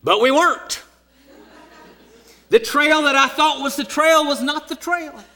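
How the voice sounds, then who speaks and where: A man in his sixties preaching a sermon as a story, dramatic, dropping to hushed whispers and rising to shouts. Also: very high voice, measured pace. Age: 60s.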